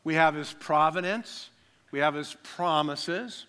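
A man's voice: a little high, a little slow, pushed and bright, clean tone. A man preaching a sermon, emphatic, repeating key lines and calling for audience responses. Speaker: pastor.

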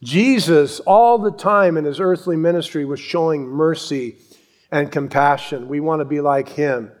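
A man preaching a sermon, telling Bible stories with animated acted-out voices. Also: fairly high pitch, a little slow. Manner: animated storytelling, acts out voices and yells. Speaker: pastor.

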